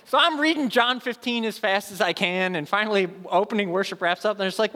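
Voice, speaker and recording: A male pastor in his thirties preaching a sermon and telling a personal story with lively, animated delivery. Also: sits high, quick pace, long reverb tail. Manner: animated storyteller, acts out voices.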